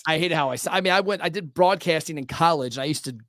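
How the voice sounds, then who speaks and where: Upbeat male podcast host with a fairly high voice and a pitch-driven, motivational delivery; close, dry studio mic. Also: no echo. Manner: energetic, animated, talks in quick bursts; salesy, motivational. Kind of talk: casual podcast conversation.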